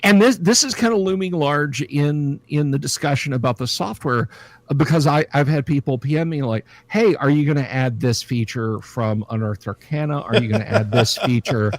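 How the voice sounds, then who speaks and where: A man's voice: a little high, normal speed, dry recording. A middle-aged man hosting a casual livestream chat, rambling and joking with lots of fillers and restarts. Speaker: livestream host.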